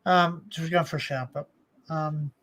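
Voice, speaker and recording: Rambling Australian man with a higher voice. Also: steady tone, moderate pace, fairly bright tone. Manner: rambling, full of "you know" and "like". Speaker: live stream host. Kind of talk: casual chat. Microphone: desk microphone.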